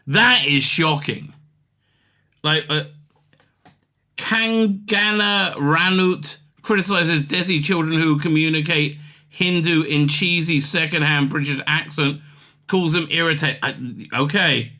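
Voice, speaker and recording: Lively, sharp-toned scornful male commentator. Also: a little high, normal speed. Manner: scornful, exasperated, stumbling over text he reads aloud. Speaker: commentary channel host. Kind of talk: ranting news commentary, reading articles aloud.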